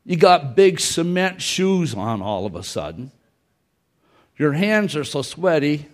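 A man's voice: a little high, very animated, takes it slowly. A man preaching a sermon in a church, folksy in manner, who repeats his phrases and acts out the scripture quotes. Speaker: pastor.

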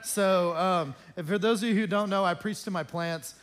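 Chatty male pastor with a high voice, joking with his congregation during church announcements. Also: moderate pace, a bit bright. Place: church sanctuary.

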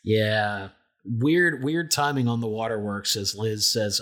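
A man's voice: on the low side, takes it slowly, fairly bright tone. A man co-hosting a podcast, recapping episodes in a casual, joking way and acting out characters' lines. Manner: jokey, acts out characters' lines. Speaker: podcast co-host.

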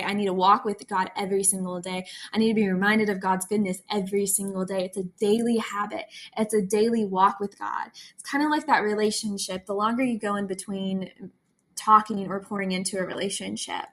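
A young woman talks through her faith in a candid, confessional way, like a friend opening up. She is earnest and quick to laugh at herself. Her pitch sits in an ordinary middle range. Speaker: faith podcast host. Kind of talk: candid personal devotional talk.

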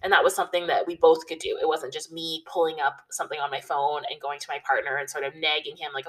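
A woman giving casual, relaxed wedding planning advice, talking chattily with lots of "you know" and "like". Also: low voice, fast talker, few pauses, recorded from a distance, low-quality recording. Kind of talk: casual advice talk to camera.

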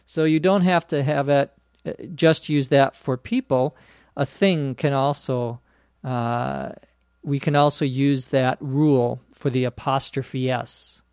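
A man hosting an English-learning podcast, explaining words slowly and spelling them out letter by letter with frequent "uh"s. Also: mid-range voice, steady tone, darkish tone, smooth, dry recording, studio quality. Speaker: English teacher podcast host. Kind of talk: slow explanatory podcast lesson.

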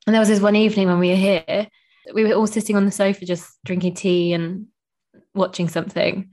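A woman's voice: medium pitch, little pitch movement, brisk, darkish tone. Gushing young woman podcast host. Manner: gushing, emotional, heavy use of "like". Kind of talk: casual chat.

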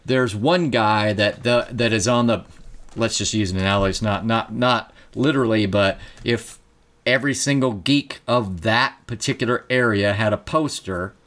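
A podcast co-host in casual chat, talking haltingly with many restarts as they search for words. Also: mid-range voice, a bit bright.

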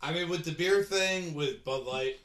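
A man's voice: on the high side, moderate pace, fairly bright tone, echoey room, a little hiss or hum. A man in his thirties on a podcast, speaking hesitantly and trailing off. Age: 30s. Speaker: podcast guest. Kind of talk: casual podcast chat.

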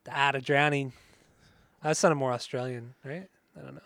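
A man co-hosting a casual music podcast, excitable and swearing a lot, often singing along. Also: mid-range voice, moderate pace, gravelly, dry recording, studio quality. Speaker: podcast co-host.

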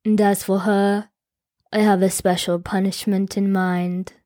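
Woman doing a furious, disgusted ancient king for a story, dropped low, sounds set back, unhurried. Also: little pitch movement, mellow, no echo, studio quality. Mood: commanding. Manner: disgusted, commanding. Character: angry, cruel ancient king. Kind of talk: storytelling voice acting.

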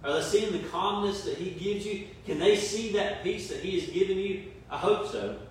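Preaching at a moderate pace during an online-streamed church service, a man with a slightly high voice stands well away from the mic in a heavily echoing space. Repetition and questions push his sermon forward, with faint room noise underneath.

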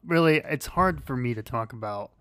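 Man, podcast co-host, casual chat, halting delivery, dry recording. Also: medium pitch, lively intonation, a bit bright, clear, resonant tone, dry recording. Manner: rambling, halting, with many fillers and restarts. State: losing his voice.

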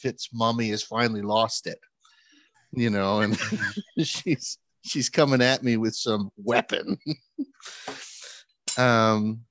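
Man in his usual mid-range voice telling a lively anecdote in conversation, doing the other people's lines, recorded dry and close. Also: mid-range voice, no echo. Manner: animated, acts out quoted voices with laughs. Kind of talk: casual storytelling chat.

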